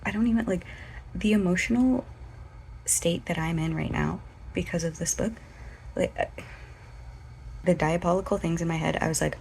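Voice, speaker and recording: Vlogger, woman, 20s, lowish voice, excitable and dramatic chat over faint background hiss. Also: moderate pace, creaky, long pauses. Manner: gushing, dramatic, often whispering. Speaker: reading vlogger. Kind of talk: casual vlog chat.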